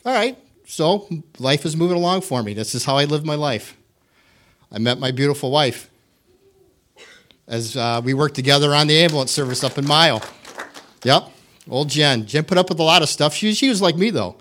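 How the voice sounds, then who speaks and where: A man's voice: fairly high pitch, animated, normal speed, long pauses, a bit bright. A middle-aged man from the United States giving a candid, self-deprecating personal testimony in a church, with wry humor.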